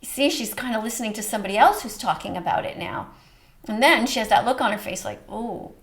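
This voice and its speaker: A woman's voice: on the high side, lively intonation, fast, music in the background. A woman hosting a reaction video, speaking earnestly and emotionally, with a preachy tone. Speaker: host reacting to a short film. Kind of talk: reaction commentary.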